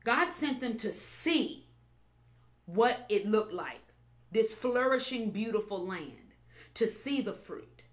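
A woman pastor preaching a sermon with animated delivery, repeating phrases and building to emphatic peaks. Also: mid-range voice, takes it slowly, slight background noise.

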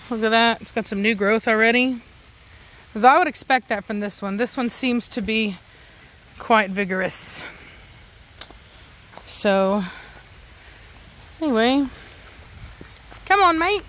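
A woman with a voice on the high side vlogs casually while doing chores with her dogs outdoors, in a yard with a garden and livestock. She's chatty and rambling in her narration, and there's a little hiss or hum.

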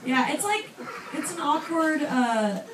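A young woman performing a chatty, self-deprecating stand-up set on a comedy club stage, with lots of fillers and quick asides to the audience. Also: sits high, expressive, background noise. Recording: roomy club audio from far off, with loud crowd laughter.

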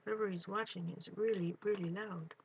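A woman's voice: mid-range voice, normal speed, vocal fry, highs cut off, a little hiss or hum. Chatty woman demoing crafts live. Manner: excitable, talks while working, greets viewers. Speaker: art livestream host.

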